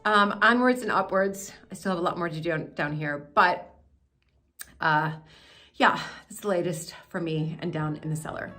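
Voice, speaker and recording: With soft music behind her, an American woman speaks at normal speed in a fairly low, sharp-toned voice while filming a vlog in a manor house cellar on her handheld camera. She talks casually, emotionally, and at rambling length.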